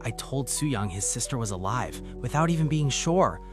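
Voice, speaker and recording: A man's voice: medium pitch, animated, moderate pace, over music, natural voice. A man voicing a guilt-ridden young woman blaming herself. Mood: guilty.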